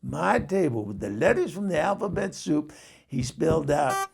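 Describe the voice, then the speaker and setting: An indignant middle-aged cab driver, put on by a man telling a story, rambling on and peppering every few words with a polite "sir". The voice is gravelly and husky, pitched a little high for a man. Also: sing-song, moderate pace, exaggerated voice. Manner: repeats "sir" and tells it with indignation.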